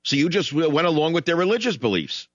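A man's voice: a little high, big pitch swings, fast talker, no echo. A male radio talk host with a sarcastic, mocking manner. His voice sounds dry and close, with a slightly dull, narrow tone from the studio. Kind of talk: combative call-in radio talk.

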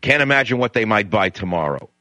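A middle-aged male talk radio host delivering an indignant, blunt monologue. His voice is bright and forceful. The sound is dry and close, with no room around it. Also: on the low side, lively intonation, quick pace, no echo.

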